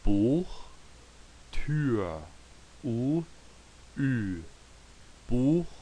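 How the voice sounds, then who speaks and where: A man's voice: sits low, animated, slow, a little hiss or hum. A man teaching German pronunciation in a screen-share lesson, patiently repeating each word for practice.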